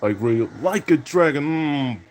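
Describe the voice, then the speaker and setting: A man teases his opponent and narrates his own plays during a basketball video game, leaning on catchphrases and repeating "indeed." His voice is on the high side with lively intonation and a measured pace, and a little hiss or hum runs through the audio.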